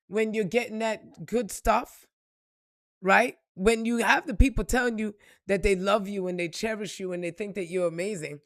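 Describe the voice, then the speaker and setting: A woman delivers a motivational spiritual monologue with blunt, profane emphasis. She keeps asking her listeners rhetorical questions, in a middle pitch. The recording is dry and close. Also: no room sound. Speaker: spiritual reader and motivational speaker.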